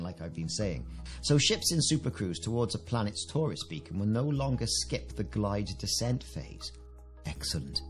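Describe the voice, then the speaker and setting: A British man giving casual commentary on a game update, reading out patch notes and adding chatty, enthusiastic asides. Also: lowish voice. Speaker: gaming video creator.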